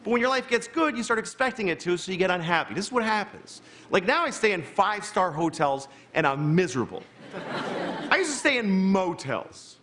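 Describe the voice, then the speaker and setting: A man in his fifties performing live stand-up, telling stories in an animated, conversational way on a club stage with a handheld mic. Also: sits high, a little fast. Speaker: stand-up comedian. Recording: live show with loud crowd laughter. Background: audience laughter.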